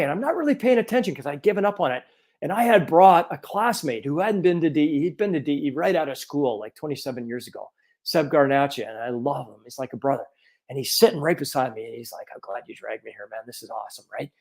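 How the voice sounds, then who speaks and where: A chiropractor in his fifties telling a personal story in an animated, earnest way. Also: fairly high pitch. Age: 50s.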